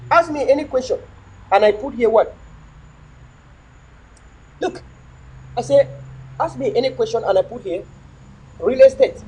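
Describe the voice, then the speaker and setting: A middle-aged man holds forth on his livestream in a very high, husky voice. He preaches and repeats himself, firing off rhetorical questions in a lively, swinging delivery. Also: low-quality recording. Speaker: livestream host. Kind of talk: impassioned livestream monologue.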